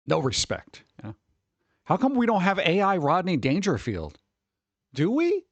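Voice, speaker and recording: A man's voice: sits high, huge pitch swings, moderate pace, no room sound, dull audio. A tired man chatting casually on a livestream, rambling and sarcastic, reading chat messages aloud.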